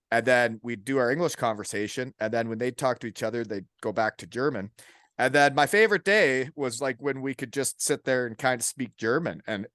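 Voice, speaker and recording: A man's voice: medium pitch, fairly bright tone, no echo, studio quality. A man hosting a casual podcast interview, joking and laughing often as he acts out little scenes. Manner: jokey, laughs often, acts out quoted dialogue. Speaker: podcast host.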